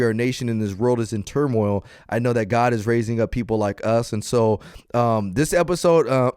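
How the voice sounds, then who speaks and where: A man hosting a casual podcast, upbeat and quick to laugh, turning earnest at the close. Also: medium pitch, a little mellow, smooth, no room sound. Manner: upbeat, laughs easily, earnest when closing. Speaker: podcast host.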